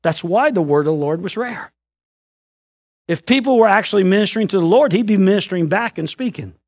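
A male preacher delivers a sermon in a lively, swooping voice, breaking into joking stories and loud outbursts. The sound is dry and close, with almost no room echo. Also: high-pitched, a little fast.

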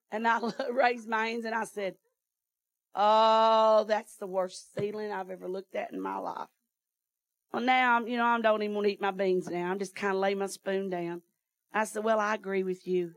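A woman's voice: medium pitch, no echo. Folksy woman preacher, dry sound. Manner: folksy storytelling, laughing often. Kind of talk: sermon testimony.

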